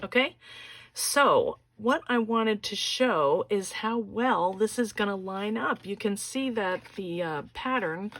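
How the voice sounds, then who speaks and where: A woman's voice: medium pitch, lively intonation, slow, fairly bright tone, dry recording. A woman hosting a casual crafting tutorial, walking through each step in a chatty way and often checking in with "okay?".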